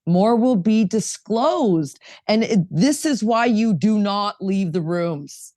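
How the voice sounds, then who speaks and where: A woman's voice: medium pitch, lively intonation, takes it slowly, dark tone, dry recording, clean studio sound. A woman sharing her story at a recovery roundtable in an earnest, emphatic way, often repeating herself. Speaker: roundtable participant, sponsor. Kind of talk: casual recovery-meeting sharing.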